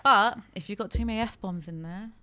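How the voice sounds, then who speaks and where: A woman's voice: medium pitch, moderate pace, sharp tone, clear, resonant tone. A young woman hosting her own podcast, chatting playfully and teasing her guest. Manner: playful, teasing, self-mocking. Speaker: podcast host. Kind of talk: casual podcast chat.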